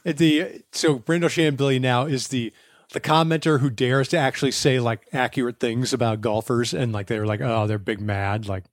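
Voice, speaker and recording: A man's voice: medium pitch, fairly even intonation, normal speed, dry recording, studio quality. A man co-hosting a podcast in casual chat, blunt, profane and sardonic. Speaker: podcast co-host.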